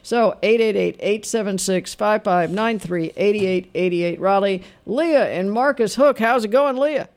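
Male call-in radio host, high-pitched, relaxed wry banter. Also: unhurried, hardly any pauses. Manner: easygoing, wry banter with callers. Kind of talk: late-night call-in radio talk.

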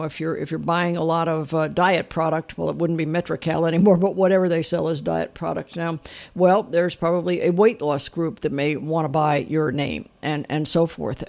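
A man's voice: fairly high pitch, a little mellow. An older man hosting a radio talk show, telling a wry, opinionated story in a conversational way. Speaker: radio host.

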